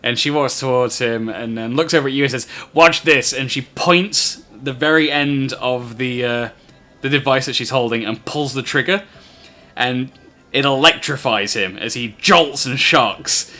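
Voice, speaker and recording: A man's voice: mid-range voice, normal speed, pushed and bright. A man narrating a tabletop game as game master, telling the story with frequent fillers.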